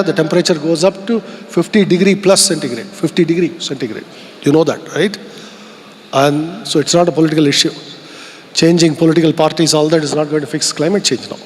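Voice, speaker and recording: A middle-aged Indian man giving a conference keynote speech, earnest and reflective, asking the audience rhetorical questions. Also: on the high side. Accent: Indian English. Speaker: keynote speaker. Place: large conference hall. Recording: long hall reverb.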